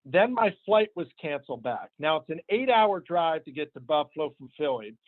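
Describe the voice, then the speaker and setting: Male sales manager, emphatic motivational storyteller, slightly high pitch, dry and tinny audio. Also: lively intonation, normal speed, no room sound. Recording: tinny phone-line sound, dry.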